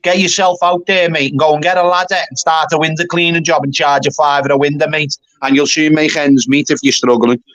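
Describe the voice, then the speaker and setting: A man's voice: on the high side, level tone, a little fast, few pauses, fairly bright tone, dry recording, muffled recording. A man from England hosting a casual livestream chat, blunt and swearing, tacking "mate" onto nearly every sentence. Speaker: YouTube livestream host.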